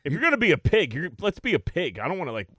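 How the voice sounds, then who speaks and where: A man's voice: on the high side, big pitch swings, rapid-fire, pushed and bright, husky. A man, co-hosting a podcast in blunt, laid-back casual chat. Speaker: podcast co-host.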